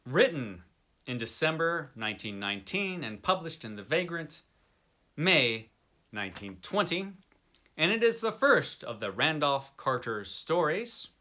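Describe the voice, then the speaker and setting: A man's voice: fairly high pitch, a little slow. A man giving a dramatic, theatrical reading of a horror story. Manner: expressive, theatrical delivery. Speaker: story reader.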